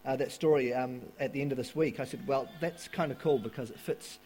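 A man's voice: medium pitch, a little mellow. A male pastor starting his sermon, stumbling over restarts and fillers. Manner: halting, many restarts and fillers. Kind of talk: sermon opening.

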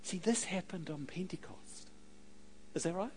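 A man preaching a sermon, telling stories with animated delivery and joking asides to the congregation. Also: sits high, measured pace, slight background noise, rough recording. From New Zealand. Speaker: pastor.

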